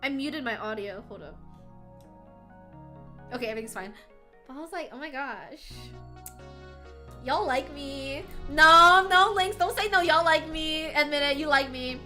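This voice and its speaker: A young woman streaming from home, chatting casually with her viewers, bubbly and swinging between soft murmurs and loud excited bursts. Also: high voice, moderate pace, long pauses, soft background music.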